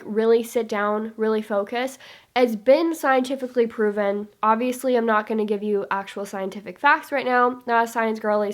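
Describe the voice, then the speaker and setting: A young woman with a fairly high voice talks to the camera in a book vlog. She is chatty and bubbly and wanders from topic to topic. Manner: bubbly and chatty, drifts off topic, reads aloud with emotion. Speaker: book vlogger. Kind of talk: casual chat to camera.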